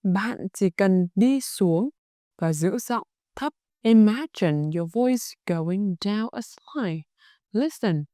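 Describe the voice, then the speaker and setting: A woman's voice: medium pitch, expressive, slow pace, mellow, no echo, clean studio sound. A woman from Hanoi with a Vietnamese accent, teaching a scripted language lesson and carefully demonstrating tones.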